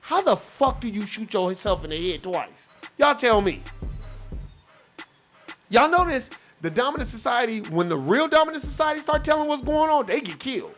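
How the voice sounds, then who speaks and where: Brief: high-voiced man, heated profane podcast rant, faint music underneath. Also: big pitch swings, moderate pace, fairly bright tone. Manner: profane, heated, mocks others in quoted voices. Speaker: podcast host. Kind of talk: casual ranting commentary.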